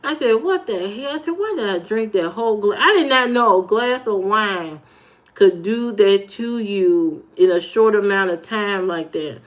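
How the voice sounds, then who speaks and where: A woman from Indiana with an Indiana accent, chatting casually on a livestream and telling stories with animated jumps in her voice; her high voice can sound youthful. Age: adult. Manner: animated storytelling, jumps high when retelling. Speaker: livestream host. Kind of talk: casual livestream chat reading comments.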